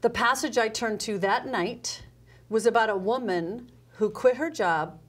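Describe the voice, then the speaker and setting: A woman's voice: a little high, unhurried. A middle-aged woman, a guest speaker in a casual interview, telling her story with animation and acting out her own past dialogue. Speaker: guest, customer service speaker.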